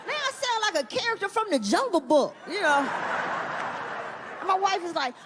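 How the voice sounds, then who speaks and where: High, lively woman doing stand-up. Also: moderate pace, over a noisy crowd, very noisy. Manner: animated, profane, acts out voices of others. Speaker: stand-up comedian. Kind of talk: stand-up comedy routine. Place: comedy stage before an audience. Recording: live stage recording with hall echo and audience.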